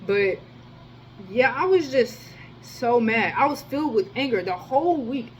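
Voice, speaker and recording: A woman telling a rambling personal story in a casual, profane monologue, with sudden jumps in loudness. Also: on the high side, expressive, unhurried, a little hiss or hum, poor audio. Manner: rambling, slangy and profane, with many restarts. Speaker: storyteller vlogger.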